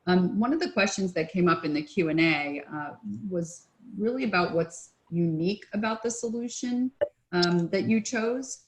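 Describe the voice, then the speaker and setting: A woman's voice: on the low side, animated, moderate pace, rough recording. A woman moderating a webinar panel, talking conversationally with fillers and restarts. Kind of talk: webinar discussion.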